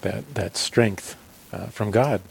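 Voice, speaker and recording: Gravelly husky man reflecting on faith. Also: lowish voice, slow, rough recording. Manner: thoughtful, affirming, with frequent restarts.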